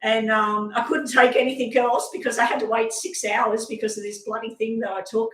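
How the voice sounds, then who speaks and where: A middle-aged woman, rambling casually on a live stream as a tarot reader and telling a long story with animated asides. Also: on the high side, a little fast. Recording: echoey room.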